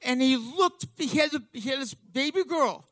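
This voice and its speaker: A man in his fifties telling a comic story to an audience, excitable and profane, stumbling over restarts. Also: extremely high pitch, moderate pace, no echo.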